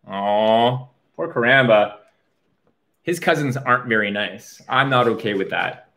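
A man reading a picture book aloud to children, pausing for chatty asides to his young listeners. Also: mid-range voice, bright, forceful tone. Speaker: children's storyteller.

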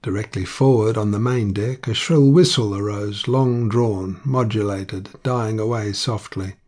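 A man narrating an audiobook in a measured, unhurried reading. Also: on the low side, darkish tone.

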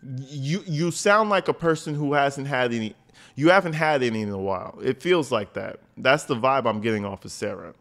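A man's voice: mid-range voice, lively intonation, moderate pace, fairly bright tone. Man, reaction commentary, crude, blunt, mocking.

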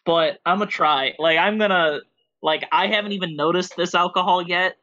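A man speaking as a player in a tabletop game, jokey and lively. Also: sits high, moderate pace, highs cut off. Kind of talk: casual tabletop chat.

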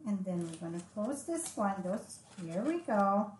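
A woman with a French accent, French her first language, giving a live craft tutorial, talking slowly and chatting as she works. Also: mid-range voice, sing-song, darkish tone. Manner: slow, chatty, thinking aloud as she works. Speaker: papercraft instructor. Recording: echoey room with faint noise.

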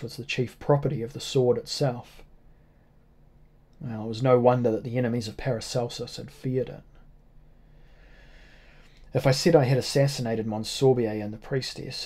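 A man reading a first-person novel aloud as an audiobook, at a measured, grave pace. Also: medium pitch, a little mellow. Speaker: audiobook narrator.

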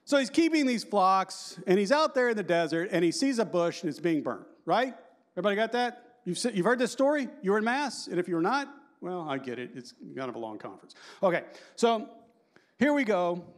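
A man in his fifties giving a lively, joking conference talk and quizzing the audience. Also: high voice, brisk. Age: 50s. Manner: animated and joking, asks the audience questions. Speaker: conference speaker.

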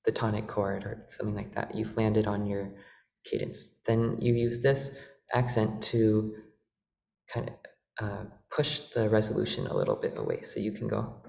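Workshop presenter, man, gravelly voice, halting explanations, roomy sound with organ playing behind. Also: lowish voice, animated, slight background noise. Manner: halting, explanatory, many fillers. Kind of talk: lecture demonstration.

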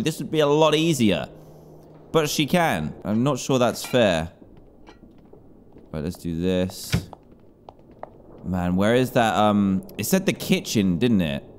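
A young man commentating a horror game as he plays, jumpy and quick to panic at the scares. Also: mid-range voice, a little hiss or hum. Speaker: gaming YouTuber.

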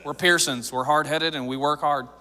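Bright-voiced joking pastor, church hall. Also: male voice, on the high side, steady tone, moderate pace. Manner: conversational and joking, with rising emphatic build-ups. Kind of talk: sermon. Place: church sanctuary.

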